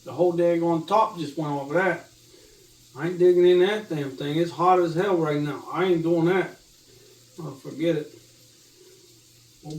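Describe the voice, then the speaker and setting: A man's voice: a little high, a little mellow. A man hosting a home cooking show, talking loosely to viewers with jokes and cussing while his eyes water from onions. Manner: loose, joking and profane, talks to viewers. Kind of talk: casual cooking chat. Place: home kitchen. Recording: echoey room, from far off.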